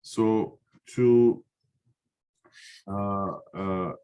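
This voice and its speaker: A man's voice: fairly low pitch, steady tone, dark tone, smooth. Earnest man teaching a spiritual lesson. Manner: repetitive, earnest, pauses with fillers. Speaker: Zohar teacher.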